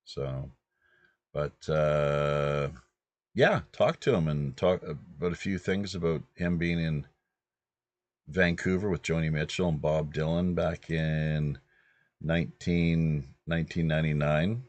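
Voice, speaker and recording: A man in his fifties from British Columbia, hosting and rambling through a relaxed anecdote. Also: a bass voice, slow, no room sound. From British Columbia, Canada. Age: 50s. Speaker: host. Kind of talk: casual anecdotal chat.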